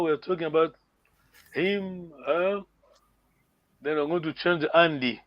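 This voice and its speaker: This online language teacher has a fairly high pitch and speaks slowly, leaving long pauses. He patiently repeats words and asks "yeah?" to confirm his students keep up. The audio is dull, with no room sound.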